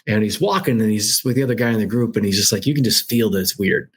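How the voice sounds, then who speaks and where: A man's voice: on the low side, fast talker. A man, a guest author, telling an anecdote animatedly and acting out the dialogue in the voices of the people involved. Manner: lively anecdotal storyteller, acts out quoted dialogue. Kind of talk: animated storytelling.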